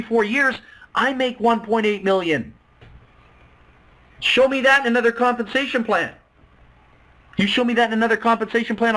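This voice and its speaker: Upbeat male webinar presenter, high and bright, hard-selling. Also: low-quality recording. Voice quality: excitable, salesy, acts out quoted voices. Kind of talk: sales pitch on a webinar.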